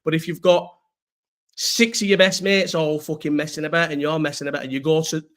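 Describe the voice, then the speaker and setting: Young guy rambling on a stream, swears a lot, bit higher voice. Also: flat delivery, brisk. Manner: rambling, slangy, swears freely, answers chat. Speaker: streamer reacting to chat. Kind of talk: casual livestream chat.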